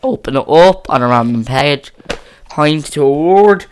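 A teen hosting a casual podcast at a middle pitch. The talk rambles and restarts a lot. The voice is close on a boom mic. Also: lively intonation, unhurried, slight background noise. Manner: rambling, chatty, many restarts. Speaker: podcast host. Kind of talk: casual chat. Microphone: boom mic on a stand.

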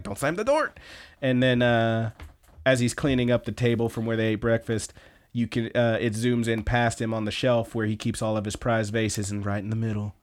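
A man's voice: medium pitch, clear, resonant tone. Man casually recapping an anime. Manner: rambling, filler-heavy retelling with quoted lines. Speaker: podcast host.

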